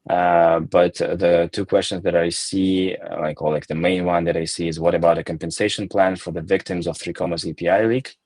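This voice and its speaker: A company founder answering audience questions in a live Q&A, talking in a measured, hesitant way with many fillers and restarts. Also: male voice, deep voice, flat delivery, darkish tone, dry recording. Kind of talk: live Q&A session.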